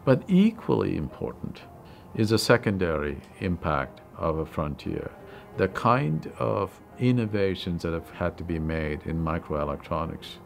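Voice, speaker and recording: A man's voice: low voice, animated, a little slow, creaky, soft background music. A man, a lab leader, speaking emphatically about the big picture in a documentary interview.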